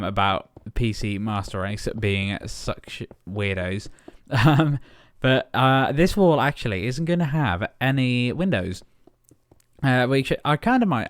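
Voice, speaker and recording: A man's voice: mid-range voice, no echo, studio quality. A young man casually chatting while building in a game, rambling with many fillers and little chuckles. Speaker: gaming channel host. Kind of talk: casual Minecraft building commentary.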